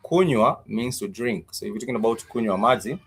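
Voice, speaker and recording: A man teaching Swahili words in a live-streamed lesson, slowly repeating each word and its meaning, with many fillers. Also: on the low side, lively intonation, slight background noise.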